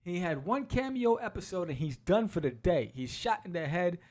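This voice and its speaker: Animated higher-voiced male podcast host. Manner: animated, acts out quotes in quick voices. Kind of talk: casual comic book walkthrough.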